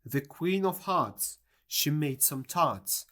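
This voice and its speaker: A reader voicing a fussy white rabbit acting as court herald, reciting in a slow, sing-song way. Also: medium pitch, animated, a bit bright. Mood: announcing. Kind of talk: storybook audiobook reading.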